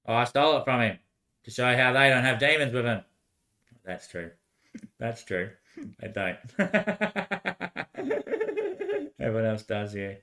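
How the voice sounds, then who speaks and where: Young man, bright tense voice, loose rambling monologue full of repeats and swearing. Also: mid-range voice, huge pitch swings, takes it slowly, long pauses. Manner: repeats short phrases over and over, swears, laughs often; trails off into quiet mutters.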